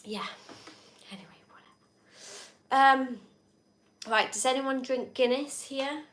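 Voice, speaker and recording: A woman co-hosting a live drinking stream chats casually, reading viewer comments aloud in a rambling, easygoing way and laughing easily. Her voice is high and a bit bright, a little slow, and the room sounds echoey.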